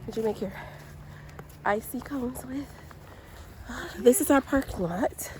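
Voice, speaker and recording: A Georgia woman vlogs casually in the snow outside a parking lot, recording on a handheld phone, chatty and laughing though cold and a little out of breath. She speaks slowly in a slightly high voice with a darkish tone, over faint background noise.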